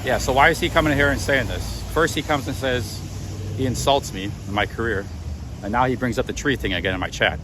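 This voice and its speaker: A man's voice: mid-range voice, fairly quick, background noise. A man livestreaming outdoors on city streets, agitated and defensive, with stammering restarts. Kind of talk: live walk-and-talk stream.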